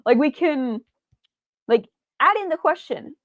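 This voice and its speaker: A woman's voice: high voice, expressive, unhurried, no room sound, lo-fi sound. A woman streamer chatting casually, rambling with many fillers and restarts, stumbling over her words and answering viewers' chat.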